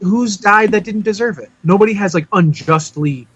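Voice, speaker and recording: A man's voice: sits high, normal speed, fairly bright tone, breathy edge, no echo, highs cut off. A man co-hosting a podcast in casual chat, rambling with lots of fillers and restarts. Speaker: podcast co-host.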